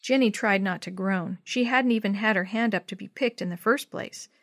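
A woman's voice: mid-range voice, normal speed, fairly bright tone, no room sound. Give me a woman narrating a children's story aloud, with a dry close sound. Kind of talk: reading a children's chapter book aloud.

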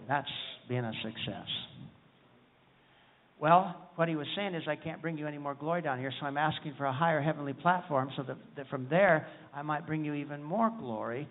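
A man's voice: a little high, in a large hall. A man preaching a folksy, humorous sermon, often asking the congregation for an amen. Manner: folksy, humorous, calls for amens. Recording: tinny phone-like sound.

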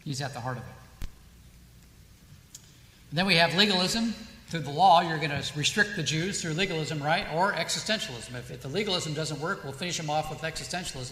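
A man's voice: on the high side, brisk, fairly bright tone. A man giving a lecture with emphasis, asking rhetorical questions and answering them himself. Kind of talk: lecture with read-out quotations. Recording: echoey hall with long reverb.

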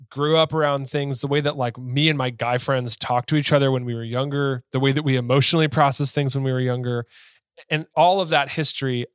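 A man's voice: mid-range voice, clean tone, no echo, clean studio sound. A man co-hosting a podcast, talking in an earnest, rambling way and often correcting himself mid-sentence. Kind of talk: casual conversation.

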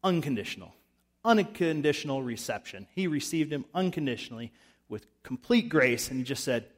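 A man's voice: mid-range voice, animated, fairly quick. A man preaching a sermon in a conversational way, acting out voices when he retells scenes. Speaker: pastor. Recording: long reverb of a large hall.

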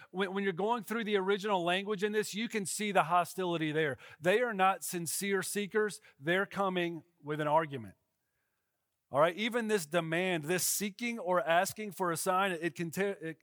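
A man's voice: high voice, a bit bright, no echo, clean studio sound. A male pastor gives a casual, conversational sermon and often checks in with his listeners.

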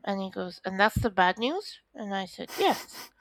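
A woman telling her own story in an interview, with lively, acted-out dialogue. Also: medium pitch, normal speed, no echo, poor audio. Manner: animated storytelling, acts out quoted dialogue. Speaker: interview guest. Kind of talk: recounting a personal story.

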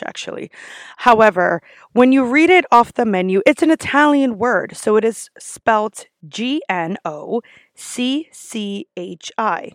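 A woman's voice: medium pitch, no echo, studio quality. A woman who works as a restaurant server, ranting in a casual vlog, blunt and sassy with lots of swearing.

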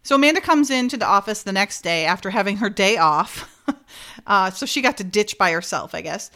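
A woman's voice: medium pitch, animated, brisk, fairly bright tone. A woman hosting a casual chat, retelling an episode scene by scene, laughing often and acting out the characters' lines. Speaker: podcast host recapping a TV episode.

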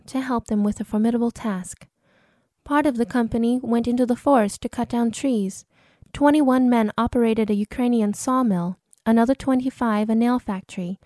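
A woman narrates a true wartime story in a grave, dramatic audiobook manner. Her voice sits fairly high. A cinematic music score plays clearly beneath her. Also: mellow, no echo, clean studio sound.

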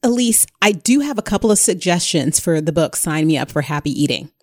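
A woman's voice: on the low side, lively intonation, no room sound, studio quality. A woman co-hosting a casual interview chat, playful and joking with her guest. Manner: playful, joking, quick to laugh. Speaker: podcast co-host.

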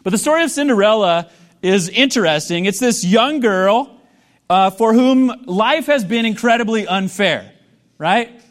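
A man's voice: high-pitched, animated, measured pace, a bit bright. A male pastor preaching a sermon in a conversational way, asking the congregation questions and joking with them.

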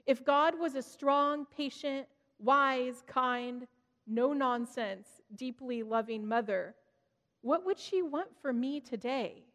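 Earnest woman preaching, high voice in echoey hall. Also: slow, fairly bright tone. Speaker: devotional speaker. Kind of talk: reflective sermon reading. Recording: long reverb, hall-like.

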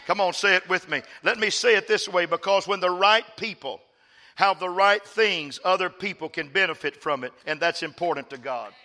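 A pastor from West Texas, preaching an emphatic sermon from a church stage and leading call-and-response. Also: male voice, high voice, normal speed, bright, forceful tone. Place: church stage before a congregation. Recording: long hall reverb.

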